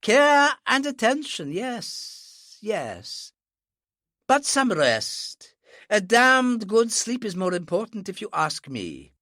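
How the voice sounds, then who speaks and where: A man's voice: sits high, big pitch swings, takes it slowly, bright, forceful tone, no echo, studio quality, pitched above the performer's own voice, full character voice. A narrator voicing a heavy, hot-tempered older father who blusters and splutters with rage. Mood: blustering.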